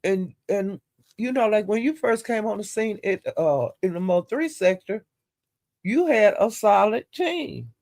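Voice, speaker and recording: A woman's voice: mid-range voice, big pitch swings, a little slow, darkish tone, no room sound. A woman vlogger giving casual gossip commentary, blunt and profane, sounding exasperated as she retells the drama.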